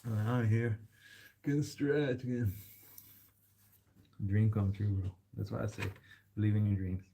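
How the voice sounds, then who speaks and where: Casual vlogger type: young man, gravelly low voice, rambling shop talk, faint background noise. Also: fairly even intonation, unhurried. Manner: rambling, chatty, peppered with "man" and "bro". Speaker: bike repair vlogger. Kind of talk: casual chat while working. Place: bike repair shop.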